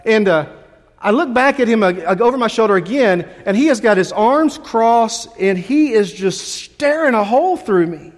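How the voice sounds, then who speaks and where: A man's voice: high-pitched, animated, moderate pace. A man preaching as a pastor, telling a chatty, self-deprecating story with frequent restarts before turning to the sermon. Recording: long reverb of a large hall.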